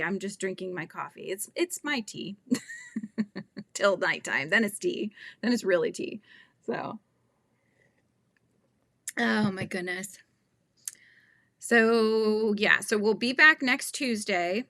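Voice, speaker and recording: A woman chatting on a casual live stream, laughing often and losing track of her own thoughts. Her voice is bright and crisp. The sound is close and dry. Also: mid-range voice, animated, measured pace, pauses often, no echo. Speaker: livestream host.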